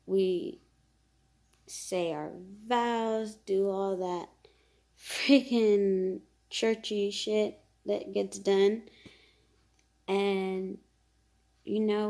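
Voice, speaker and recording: A woman tells a casual storytime tale in a loose, rambling flow, full of fillers and the odd swear word. Her voice is gravelly and low in brightness, with a mellow, relaxed tone and a middling pitch. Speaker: vlogger telling a story.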